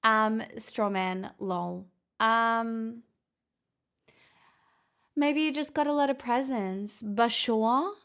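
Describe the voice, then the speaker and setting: A livestream host, this woman has a slightly high, a bit bright, clear, resonant voice, drawing out words and leaving long pauses. She chats casually, teasing her chat with jokes.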